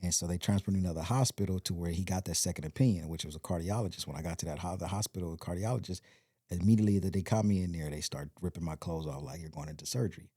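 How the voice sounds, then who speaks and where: A man's voice: low voice, rapid-fire, dark tone, breathy edge, dry recording, clean studio sound. A man from Compton, a podcast guest, telling a long personal story in a rambling way and acting out the quoted voices. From Compton, California. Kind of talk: storytelling in casual interview.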